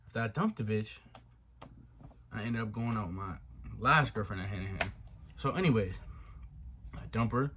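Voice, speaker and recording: In a casual storytime monologue on his channel, a young vlogger talks loosely with slang and swearing, switching into the voices of the story's people. His mid-range voice has a fairly bright tone, with a little hiss or hum audible.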